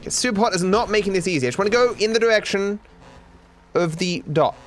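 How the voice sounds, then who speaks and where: A young man from Australia giving excitable, animated gameplay commentary, with frequent swearing. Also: high voice, quick pace, slight background noise. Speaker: gaming streamer.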